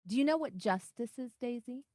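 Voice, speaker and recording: A woman voicing a tall, mysterious woman who speaks softly and persuasively in a tabletop game. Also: on the high side, expressive, brisk, dry recording, studio quality, voice pushed up, lightly acted. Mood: coaxing. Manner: soft, gentle, persuasive.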